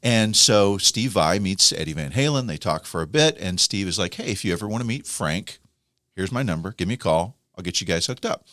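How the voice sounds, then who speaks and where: A man co-hosting a podcast, telling music history stories in a casual, animated way and acting out quoted people. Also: deep voice, a little fast, dry recording, clean studio sound. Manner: animated storyteller, acts out quoted voices. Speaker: podcast co-host. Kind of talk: casual storytelling chat.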